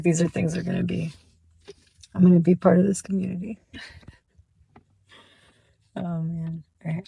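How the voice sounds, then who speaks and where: Husky, gravelly woman vlogger. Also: lowish voice, warm tone. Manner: rambling, many fillers, laughs often. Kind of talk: casual vlog chat. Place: car, driving.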